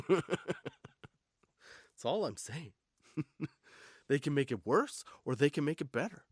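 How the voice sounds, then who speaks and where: A man's voice: on the high side, animated, slow, breathy edge, no room sound, clean studio sound. A young man hosting a comedy podcast, telling a story casually, laughing often and swearing freely. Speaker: podcast host.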